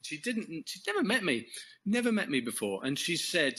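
A man's voice: fairly high pitch, big pitch swings, normal speed, sharp tone, breathy edge, low-quality recording. An English man, a course leader and interview guest, sharing a testimony in a rambling, self-correcting way with frequent chuckles. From England.

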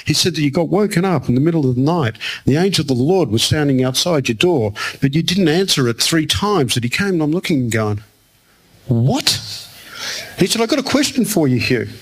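A man's voice: a little high, animated, moderate pace, slightly rough. A man preaching a sermon to a room, telling a personal story and acting out the other people's lines. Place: church hall with audience.

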